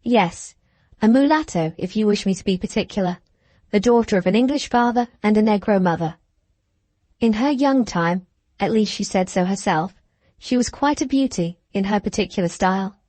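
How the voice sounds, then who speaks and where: A woman's voice: medium pitch, animated, normal speed, darkish tone, no echo, natural voice. A woman reading the part of a spiteful, gushing young woman with a scornful, mocking manner, in an audiobook.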